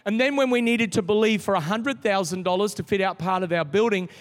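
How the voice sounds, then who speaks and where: High-voiced pastor preaching. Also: male voice, fairly quick. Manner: storytelling, animated, with frequent restarts. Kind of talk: sermon. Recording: long reverb of a large hall.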